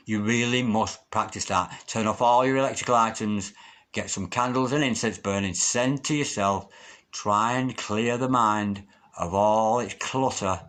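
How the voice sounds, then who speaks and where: A man giving a solo tarot reading, effusive and excitable, who chants the same invocations over and over. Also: on the low side, a little slow. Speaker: tarot reader.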